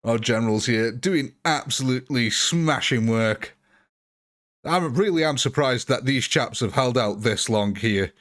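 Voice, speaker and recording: A man's voice: mid-range voice, a little slow, a bit bright. Chatty man streaming a game. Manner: chatty and jokey, replies to viewers by name. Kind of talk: live gameplay commentary answering chat.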